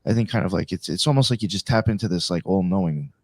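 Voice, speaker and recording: Guy cohosting a podcast, kinda muses out loud, hunts for words, dry close mic. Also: sits low, fast, no room sound. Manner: musing, searching for words. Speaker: podcast co-host. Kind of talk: casual chat.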